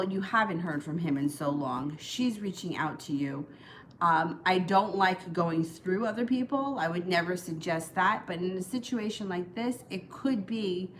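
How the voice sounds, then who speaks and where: Low-voiced tarot reader woman, chatty. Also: a bit bright, slight background noise, low-quality recording. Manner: chatty, reassuring advice with many fillers. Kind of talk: live-streamed tarot reading.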